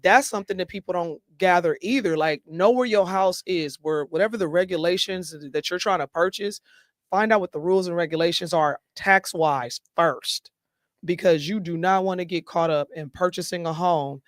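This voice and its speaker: A man co-hosting a casual talk show, animated and slangy, swearing freely as he talks. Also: sits high, normal speed, no room sound, studio quality. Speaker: co-host. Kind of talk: casual chat.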